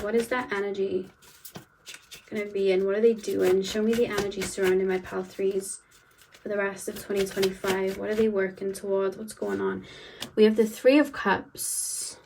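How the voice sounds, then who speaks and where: A woman talks through a pick-a-card tarot reading in a loose, chatty voice packed with fillers. She sits a little back from the mic, and a faint hum runs underneath. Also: medium pitch. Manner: chatty, filler-heavy, lots of "like". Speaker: tarot reader. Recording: voice a bit distant from the mic with faint background hum.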